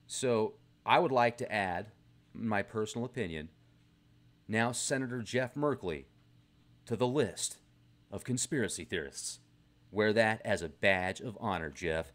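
A man's voice: on the low side, a little slow. A man vlogging from a garage in a rambling, sarcastic casual rant to camera. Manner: animated, rambling, sarcastic asides.

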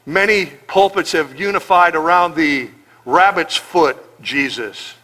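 High, bright-voiced man preaching. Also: slow. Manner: animated, joking, acts out quoted voices. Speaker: pastor. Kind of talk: sermon.

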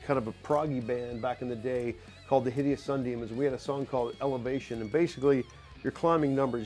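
A man's voice: medium pitch, fairly even intonation, fast talker, music in the background. Middle-aged male drum teacher, casual and loose, studio clinic, faint instruments in the room. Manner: loose, conversational, many "you know" fillers. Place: recording studio.

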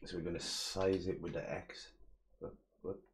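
A man's voice: deep voice, flat delivery, moderate pace. A young man giving a casual live-stream modelling tutorial, muttering his steps aloud, chatting with viewers in slang and swearing freely. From England.

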